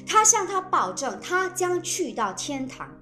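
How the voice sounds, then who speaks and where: A woman interpreting a sermon phrase by phrase with expressive phrasing. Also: very high-pitched, unhurried, echoey room, faint music behind.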